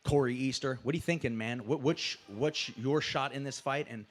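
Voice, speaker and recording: At a moderate pace and in a mid-range voice, a man who calls fights hosts a press conference. He puts questions to the fighters with chatty enthusiasm and plenty of filler words.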